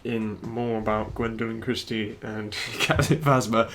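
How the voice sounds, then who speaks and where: A man's voice: fairly low pitch, fairly even intonation, measured pace, fairly bright tone, a little hiss or hum. A man co-hosting a podcast in laid-back, wry banter, laughing often. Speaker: podcast co-host. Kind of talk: casual chat.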